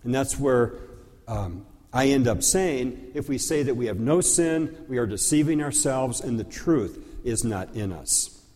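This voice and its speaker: A pastor explaining a church liturgy in a slow, conversational teaching style, with occasional fillers. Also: male voice, medium pitch, dark tone. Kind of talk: teaching sermon. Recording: long hall reverb.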